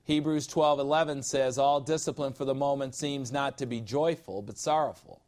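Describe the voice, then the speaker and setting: A man teaching a sermon-style Bible lesson, reading scripture slowly and adding emphatic, jokey asides. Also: medium pitch, fairly even intonation, a little mellow.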